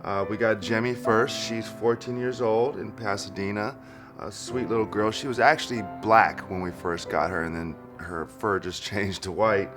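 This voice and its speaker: A man who owns two rescue dogs, talking about them in a friendly, relaxed documentary interview. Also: on the low side, normal speed, music in the background. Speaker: dog owner.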